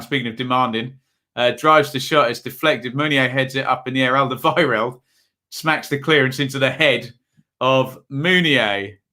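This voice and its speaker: A man's voice: medium pitch, pushed and bright. A young man hosting a live football watch-along, chatting casually and rambling between match commentary. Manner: chatty, rambling, self-deprecating.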